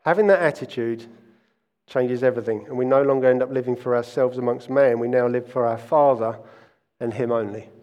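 A man's voice: medium pitch, a little fast, a little mellow, big-room sound. A man, preaching a sermon and telling stories earnestly, often restarting his phrases. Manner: earnest storytelling with frequent restarts. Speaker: pastor.

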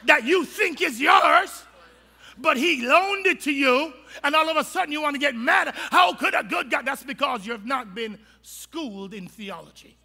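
A male pastor preaches with lively humor in plain, colloquial talk. His voice sits very high and sounds intensely bright and sharp, with a gravelly rasp. A long reverb trails behind it in a church sanctuary. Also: normal speed. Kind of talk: sermon. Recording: long reverb of a large hall.

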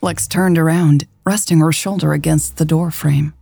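A woman narrating a romance story in a calm, even storytelling voice. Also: low-pitched, normal speed, creaky, slightly rough, no echo, studio quality. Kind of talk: scripted audiobook narration.

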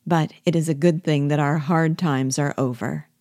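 A woman reading the part of a fond, patronizing husband in a play, in a calm, indulgent tone close to her own voice. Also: low voice, normal speed, no room sound.

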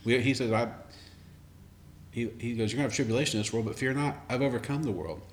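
A man's voice: mid-range voice, steady tone, fast, slight background noise. Reflective male podcast host. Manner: reflective, thinking aloud. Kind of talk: casual faith conversation.

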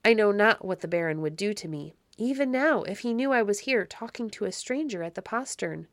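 A woman voicing a frightened young servant girl at a castle door, speaking in a hushed, nervous way. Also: fairly low pitch, moderate pace, no room sound, close to an everyday voice. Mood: fearful.

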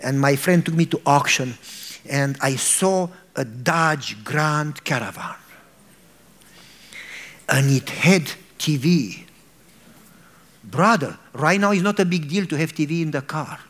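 A middle-aged man from Romania, a pastor, telling a humorous personal story in a sermon, animated and laughing as he acts out his frustration. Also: fairly high pitch.

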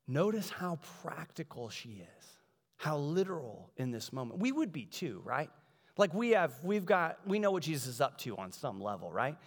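A man preaching a sermon in a conversational, animated way, acting out the voices of the people in the story. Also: medium pitch, normal speed, vocal fry. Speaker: pastor. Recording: large hall reverb.

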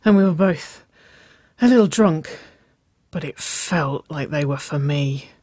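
A reader voicing an intense young woman who confesses in hushed whispers and then turns commanding. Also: takes it slowly, no echo, studio quality, natural voice. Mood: confessing. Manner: low, husky-edged urgency, whispered confessions.

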